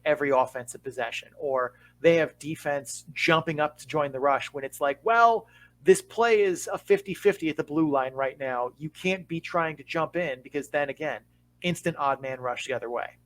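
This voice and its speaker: A man talks through hockey tactics as a podcast co-host, in a slightly higher voice than most men. He explains at an even, measured pace and slows down to stress key points. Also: low-quality recording. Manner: measured, explanatory, with deliberate pauses for emphasis. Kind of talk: casual podcast analysis.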